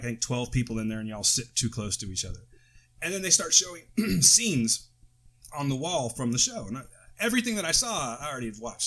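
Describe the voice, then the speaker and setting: A man's voice: medium pitch, fairly bright tone. An American man casually chatting on a podcast, rambling off on tangents and interrupting himself, close to the mic. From United States. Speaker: podcast co-host. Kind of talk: casual chat.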